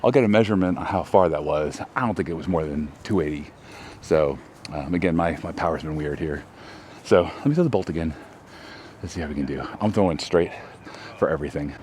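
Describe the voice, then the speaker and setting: A man's voice: very deep voice, animated, brisk, darkish tone, slight background noise. A man hosting a casual vlog outdoors, chatty and self-deprecating as he rambles about his throws. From Texas, US. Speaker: host. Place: outdoors on a disc golf course.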